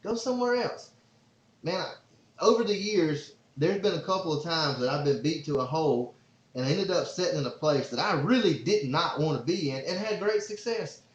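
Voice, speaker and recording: A man hosting a podcast, telling a long story in a casual, excitable, rambling way. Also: fairly high pitch, moderate pace. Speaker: podcast host and father. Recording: roomy, slightly dull sound.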